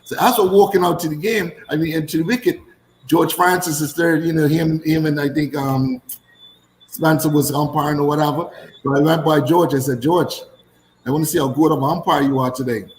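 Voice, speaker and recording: Animated storytelling former cricketer, roomy sound. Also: male voice, a little high, brisk, a little hiss or hum. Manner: animated anecdotes, repeats phrases for emphasis. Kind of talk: casual storytelling chat.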